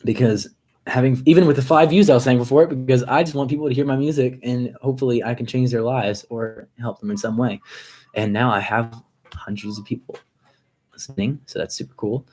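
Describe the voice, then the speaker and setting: A musician hosting a casual live stream, chatting in an upbeat, rambling way with quick asides. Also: male voice, medium pitch, fairly even intonation, darkish tone.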